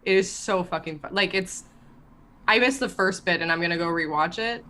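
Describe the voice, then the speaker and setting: A woman in casual chat between tabletop game sessions, excitable and rambling, swearing freely. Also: on the low side, normal speed, slight background noise. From Canada.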